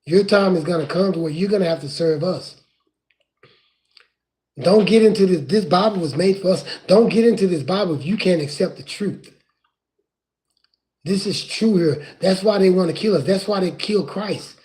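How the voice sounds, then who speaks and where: A man preaching from scripture in an impassioned way, rising at times to crying shouts. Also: high-pitched, normal speed.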